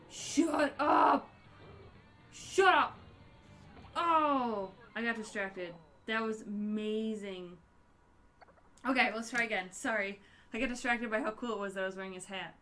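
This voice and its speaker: Bright, excitable woman streaming a game. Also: fairly high pitch, brisk, soft background music. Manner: excitable, gasping and yelping at the game. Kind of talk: live gameplay commentary.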